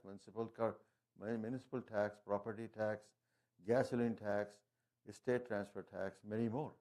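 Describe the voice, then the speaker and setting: A man of medium pitch and somewhat dark tone gives an informal presentation on wills and estate planning, explaining his slides. His speech is halting and peppered with fillers and restarts, and his wording is non-native.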